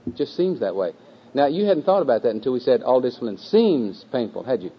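In a room with a live group, a male teacher patiently guides everyone through memorizing a scripture verse, chanting each phrase slowly and repeatedly alongside them, with a few relaxed fillers. His voice is a typical middle pitch for a man and slightly rough, and the recording has a dull, lo-fi quality.

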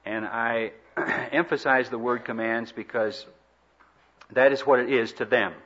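A man preaching a sermon in an earnest, emphatic way, with dramatic pauses and swells. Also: mid-range voice, fairly even intonation, fairly bright tone, muffled recording.

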